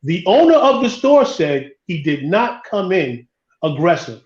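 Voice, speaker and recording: A man, a podcast co-host, tells a personal story in a group discussion, halting and repeating words as he goes. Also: sits high, very animated, darkish tone, echoey room, lo-fi sound.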